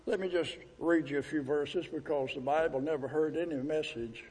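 A man preaching a sermon as pastor, pleading and emphatic, drawing out scripture verses slowly. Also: a little high, darkish tone, husky. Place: church sanctuary. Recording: echoey hall with long reverb.

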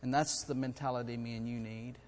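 A middle-aged man preaching a sermon in a church, earnest and building to loud, urgent storytelling. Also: mid-range voice, fairly even intonation, brisk. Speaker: guest preacher. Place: church sanctuary. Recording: long hall reverb.

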